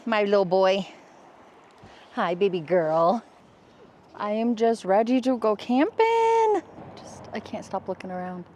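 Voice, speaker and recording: A woman's voice: medium pitch, very animated, unhurried, pauses often, darkish tone, slight background noise. A woman vlogging outdoors in a casual way, gushing at her dogs in baby talk. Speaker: travel vlogger. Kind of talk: casual vlog narration. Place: outdoors near a river and highway.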